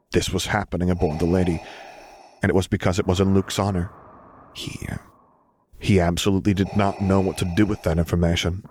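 A man narrating a story in a steady, gentle audiobook reading. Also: low-pitched, fairly quick, slight background noise.

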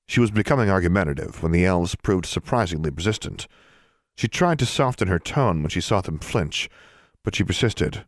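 A man with a very low voice reads a storybook aloud, even and measured. The sound is close and dry with no room around it. His pacing stays steady across long passages. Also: no echo. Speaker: narrator. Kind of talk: audiobook narration.

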